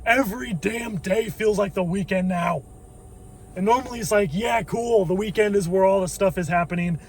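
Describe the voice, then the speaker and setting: High-voiced man ranting from his car. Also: normal speed. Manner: grumbling, swearing rants. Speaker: vlogger. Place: in a car waiting in a line.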